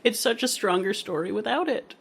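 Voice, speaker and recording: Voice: medium pitch, brisk, creaky, slightly rough. A podcast co-host in casual conversation, detailed and nitpicky, laughing often. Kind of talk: casual chat.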